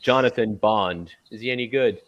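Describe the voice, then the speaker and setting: A man's voice: lowish voice, normal speed, fairly bright tone, highs cut off. A man hosting a soccer talk show, steering the segments with a joking manner. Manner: jokey, moves the segments along. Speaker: host. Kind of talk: casual chat.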